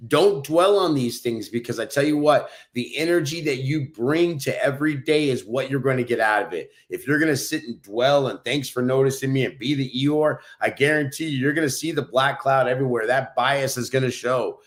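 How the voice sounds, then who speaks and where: Male co-host from New Mexico, mid-pitched, upbeat motivational podcast delivery. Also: moderate pace, hardly any pauses. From New Mexico, USA. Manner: upbeat, pep-talk delivery. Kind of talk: motivational casual talk.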